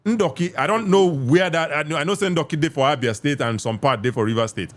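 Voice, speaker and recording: A man's voice: fairly high pitch, a little fast. A man with a Nigerian accent hosting a live call-in podcast debate, assertive and lecturing, repeating himself for emphasis. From southeast Nigeria. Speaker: podcast host.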